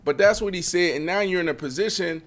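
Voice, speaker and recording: A man hosting a sports podcast in a loose, animated way, his voice sitting high for a man. He swears freely, needles his critics and keeps the chat rolling from topic to topic. His speech is quick to rise into excitement. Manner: animated, swearing, laughing at trolls. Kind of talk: casual sports talk.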